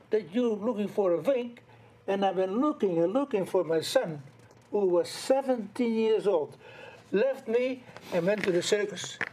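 A man's voice: sits high, mellow, slight background noise. An older man from the Netherlands with a Dutch accent, a guest chatting in a rambling, storytelling way. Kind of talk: casual chat.

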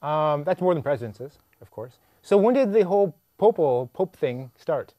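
A man co-hosts a relaxed chat show, his voice rising and falling with lively animation as he fires off question after question. He sounds close to the mic in a dry, dead room, and laughs easily between questions. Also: on the high side, moderate pace, no echo, highs cut off. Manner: curious, asks many questions, laughs easily. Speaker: podcast co-host. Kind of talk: casual chat.

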